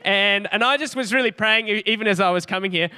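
A man's voice: high-pitched, quick pace, pushed and bright, clean tone. An Australian man preaching a sermon in an earnest, chatty storytelling way, often with a light laugh. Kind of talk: conversational sermon.

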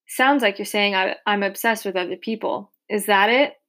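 A woman's voice: medium pitch, moderate pace, a bit bright, natural voice. A woman voicing a playful, caring teenage girl who teases and coos in an audiobook reading. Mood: questioning. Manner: teasing, cooing.

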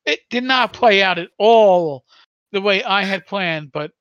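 A man's voice: high-pitched, expressive, measured pace, fairly bright tone, smooth, dry recording, dull audio. A man in his sixties, a podcast co-host, telling a long rambling story in casual chat with many stammers and restarts.

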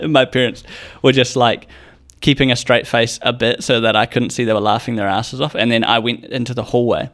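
A young man spinning a long, rambling story in casual chat. His voice sits at an ordinary middle pitch, and he swears freely and drops into little acted-out voices for the people he quotes. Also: steady tone, brisk, fairly bright tone.

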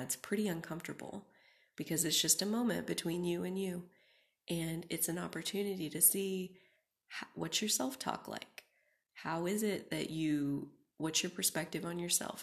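A young woman hosting a reflective solo podcast, talking casually with many "like"s and often dropping into a soft whisper. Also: fairly low pitch, gravelly. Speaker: podcast host.

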